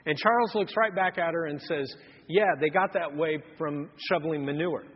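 A man in his thirties preaches with a high, husky voice, telling homespun stories and doing the voices of the people in them. The sound is dull and carries a long church-hall reverb. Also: normal speed. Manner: folksy storytelling with quoted voices. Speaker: pastor. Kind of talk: sermon.

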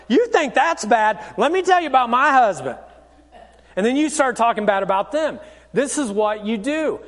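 A man's voice: very high voice, long reverb tail. A man preaching a sermon as pastor, in a practical, conversational way and acting out short quotes.

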